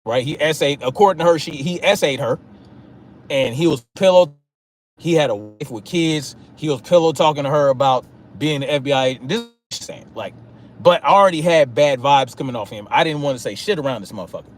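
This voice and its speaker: A man's voice: medium pitch, slight background noise. A man hosting a livestream, telling a story in a casual, profane, rambling way with many restarts. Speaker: livestream host.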